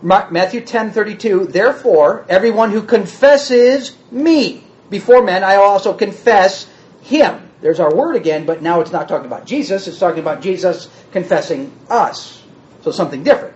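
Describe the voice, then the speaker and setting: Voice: medium pitch, animated, moderate pace, a little mellow. Bible teacher explaining a word, dull recording. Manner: explanatory, reads verses aloud then restates them.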